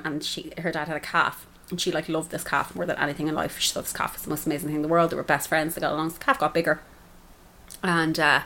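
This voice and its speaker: Irish woman, podcast co-host, rapid casual true-crime chat, lower voice. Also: sharp tone, a little hiss or hum. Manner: fast, swearing, laughing often.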